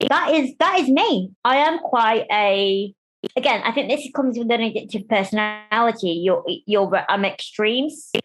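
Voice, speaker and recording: A woman from Germany, a guest on an interview show, talking candidly and with animation about her life. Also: a little high. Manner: animated, chatty, acts out quoted voices. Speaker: guest, disability rights campaigner.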